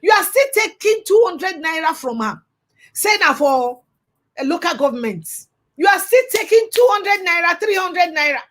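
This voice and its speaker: A young woman with a Nigerian accent and a high-pitched voice delivers an impassioned commentary monologue. She talks in a preachy, fervent way and mixes pidgin phrases into her English. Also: expressive, moderate pace, a bit bright. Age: young adult. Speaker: vlogger.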